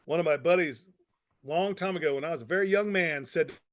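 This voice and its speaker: A man, a pastor, giving a motivational talk with energetic storytelling and repeated phrases for emphasis. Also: a little high, quick pace. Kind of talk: motivational talk to network marketers.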